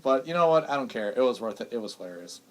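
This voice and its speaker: A man's voice: mid-range voice, lively intonation, fast. A young man co-hosting a small radio show, telling stories animatedly and laughing often. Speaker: radio co-host. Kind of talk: casual radio banter.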